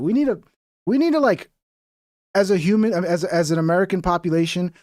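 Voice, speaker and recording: A man talks bluntly through a live political reaction stream, swearing freely and leaning into sarcasm. His voice sits a little high. The sound is close and dry. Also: a little mellow, dry recording. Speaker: streamer host. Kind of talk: casual political reaction commentary.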